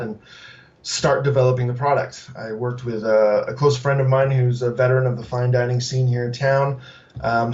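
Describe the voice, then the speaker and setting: A man's voice: medium pitch, a little mellow, distant mic, highs cut off. A man being interviewed on a podcast about his food truck, talking casually with many fillers and restarts. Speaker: guest, food truck owner.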